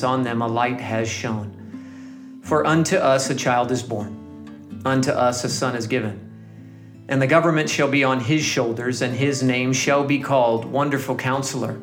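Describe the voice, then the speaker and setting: A man leading a reflective scripture meditation in a soft, gentle voice that lingers on single words. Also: mid-range voice, unhurried. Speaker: devotional leader. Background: guitar music.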